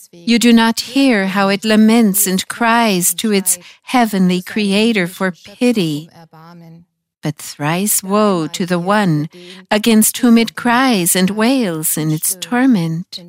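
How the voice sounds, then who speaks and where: A woman reading aloud as a gentle, sorrowful male teacher who rebukes cruelty to animals. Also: medium pitch, lightly acted. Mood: solemn. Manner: solemn, reproachful, measured.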